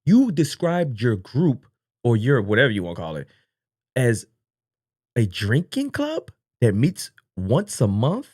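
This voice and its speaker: Man, reaction host, incredulous, mocking, warm tone, dry sound. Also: mid-range voice, wildly swooping pitch, measured pace, husky, no room sound. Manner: incredulous, mocking, interrupts and repeats himself. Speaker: livestream host reacting to a video. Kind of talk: casual reaction commentary.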